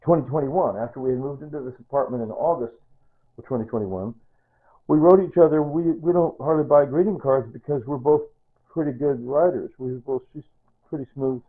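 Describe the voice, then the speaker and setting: An older man rambles sentimentally in a casual personal vlog, often repeating himself. His voice is mid-range and a little fast. The recording sounds tinny, like a phone.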